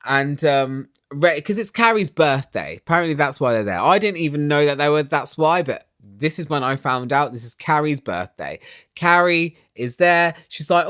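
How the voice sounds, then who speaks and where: A speaker ranting in a casual, gossipy style while recapping a reality TV episode, with exaggerated, animated reactions. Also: medium pitch, moderate pace, no room sound, studio quality.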